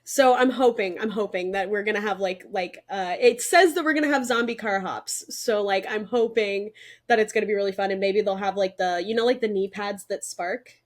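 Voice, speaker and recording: A young woman co-hosting a podcast in casual chat, excited and talkative with lots of fillers. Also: mid-range voice, a little fast. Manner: excited, chatty, many fillers. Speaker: podcast co-host.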